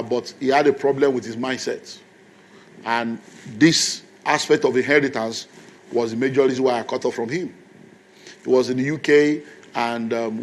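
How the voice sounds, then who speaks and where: Nigerian pastor preaching with stories. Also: male voice, medium pitch, slight background noise. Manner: storytelling, conversational, repeating points to the congregation. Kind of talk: sermon. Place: church.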